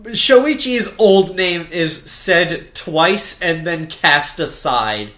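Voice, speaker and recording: A man co-hosting a casual podcast about a TV series, jumping into loud, exaggerated voices when he acts out characters' lines. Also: on the high side, expressive, drawn-out words. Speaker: podcast co-host. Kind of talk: casual chat. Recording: echoey room.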